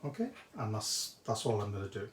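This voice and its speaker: A man's voice: fairly low pitch, sing-song, fairly quick. Chatty man demoing crafts in an echoey room. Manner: chatty, greets viewers by name while working. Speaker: craft shop host demonstrating a technique. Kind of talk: live craft demonstration. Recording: echoey room, faint background noise.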